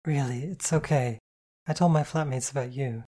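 An audiobook reader voicing a shy, polite young woman who speaks softly and apologetically, in a storybook reading. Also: medium pitch, moderate pace, lightly acted. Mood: shy, apologetic. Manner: soft-spoken and apologetic.

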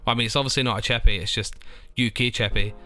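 A man's voice: mid-range voice, steady tone, fast, bright, forceful tone. A young Scottish man, a touring musician, chatting casually on a podcast, rambling with lots of "like" fillers. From Scotland. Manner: rambling, full of "like" fillers, self-described anxious.

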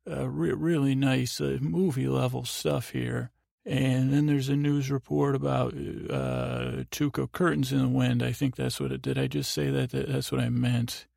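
A man with a heavily gravelly, fry-laden voice talks through a recap for a sleep podcast. His pitch barely moves, and he wanders along with many filler sounds and restarts. The sound is dry and close, with no room echo. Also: little pitch movement, darkish tone. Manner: meandering and unhurried, full of filler sounds and restarts. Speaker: podcast host.

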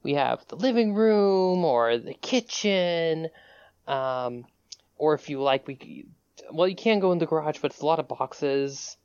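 A woman's voice: deep voice, animated, unhurried, darkish tone, clear, resonant tone, dry recording, highs cut off. A woman voicing a flustered, eager mother hosting a party, who stammers and over-explains.

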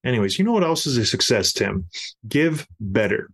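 A man's voice: on the low side, moderate pace. A man hosting a podcast, chatting casually and telling stories with animation. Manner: animated storyteller. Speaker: podcast host. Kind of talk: casual chat.

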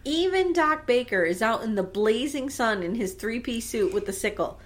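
Woman podcaster recapping a show, lively up and down voice, kinda high. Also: moderate pace. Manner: animated, playful, acts out characters. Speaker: podcast co-host. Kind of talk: casual chat, recapping a TV episode.

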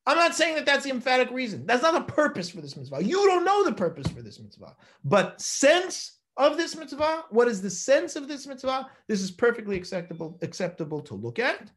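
Animated, emphatic male Torah teacher. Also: very high-pitched, a little fast, hardly any pauses. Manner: animated, emphatic, rhetorical questions, quotes Hebrew texts. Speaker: rabbi teaching a class. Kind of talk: Torah lecture.

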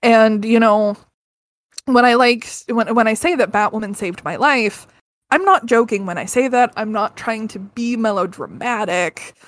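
A woman's voice: fairly high pitch, unhurried, dry recording, clean studio sound. A woman in her thirties, a podcast guest telling personal stories in an earnest, candid way, swearing freely and often restarting sentences. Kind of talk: casual personal storytelling.

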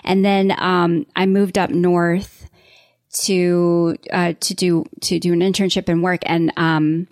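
A woman's voice: lowish voice, level tone, slow, a little mellow, no room sound, studio quality. Woman with a mild Southern accent. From Atlanta, Georgia, USA. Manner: friendly, upbeat, chatty. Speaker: podcast guest. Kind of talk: casual podcast interview.

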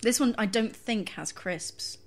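A woman's voice: on the high side, a little slow. A woman co-hosting a podcast, reading reviews and adding dry, teasing asides. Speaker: podcast co-host. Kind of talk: casual comic chat.

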